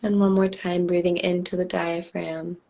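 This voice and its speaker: A woman with a hoarse, scratchy voice, speaking low and gravelly. She guides a meditation at a slow, calm cadence on a live home stream. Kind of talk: guided meditation and casual chat.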